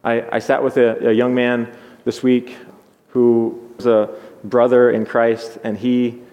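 A pastor giving an earnest, measured sermon, often repeating words as he thinks aloud. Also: mid-range voice, little pitch movement, darkish tone, lo-fi sound. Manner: earnest, measured preaching with repetitions. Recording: long hall reverb.

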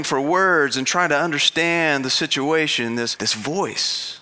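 A man's voice: on the high side, measured pace, sharp tone. A man preaching as a pastor, in an earnest, conversational sermon style with frequent restarts.

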